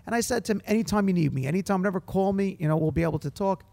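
A man who teaches students, chatting casually on a podcast and telling animated stories full of acted-out quotes. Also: high-pitched, racing, vocal fry. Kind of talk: casual chat.

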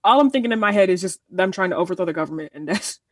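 A woman's voice: medium pitch, lively intonation, rapid-fire, dry recording, clean studio sound. Earnest young woman, slightly distant mic. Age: 20s. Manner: earnest, rambling with many restarts and quoted asides. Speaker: panelist. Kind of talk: casual discussion.

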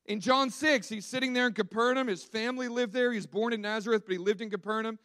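A man preaching a sermon in an animated storytelling way, acting out the quotes he tells. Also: sits high, fast, no room sound.

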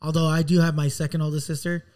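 A relaxed man in casual podcast chat who shares his own memories and asks follow-up questions. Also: a little high, quick pace.

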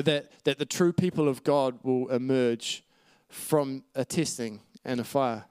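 A man's voice: medium pitch, smooth, no room sound. A man preaching a sermon, teaching earnestly from scripture with asides to the congregation. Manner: earnest teaching with scripture references, occasional light laughs.

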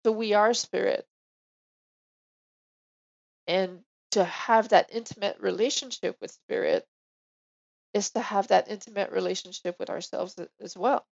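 A woman's voice: medium pitch, steady tone, unhurried, gravelly, pauses often, highs cut off. A woman with a French accent, a medium speaking as an interview guest in casual, thoughtful chat.

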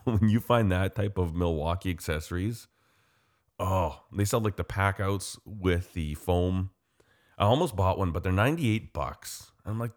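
A man's voice: low voice, normal speed. A man from Canada chatting casually and enthusiastically, rambling with lots of fillers. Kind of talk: casual chat.

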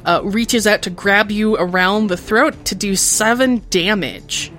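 A woman at a middle pitch runs a tabletop game as game master. She narrates the scene and patiently walks the players through the rules. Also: a little slow, a bit bright.

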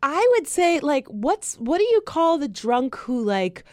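A woman co-hosting a podcast in casual chat, animated and quick to mimic people in loud, squealy voices. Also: high voice, no echo, clean studio sound. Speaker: podcast co-host.

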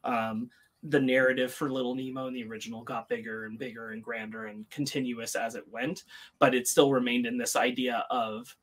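A man's voice: medium pitch, little pitch movement, brisk. A man co-hosting a podcast, talking through a review in a casual, hesitant way with many ums and uhs. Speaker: podcast co-host.

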